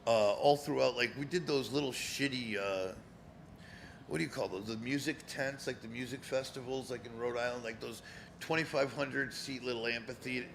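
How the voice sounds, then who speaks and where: A little hiss or hum sits under this mid-range male voice, which has vocal fry and a fairly bright tone at normal speed. He's a Connecticut ex-pro wrestler in his fifties, guesting on a live cigar lounge show and telling loose, profane stories full of fillers.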